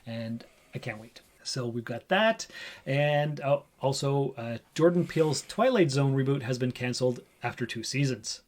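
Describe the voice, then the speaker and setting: A man's voice: medium pitch, normal speed. A man hosting a casual pop-culture podcast, reading news items aloud and chatting about them. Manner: chatty, reads headlines then riffs on them. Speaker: podcast host.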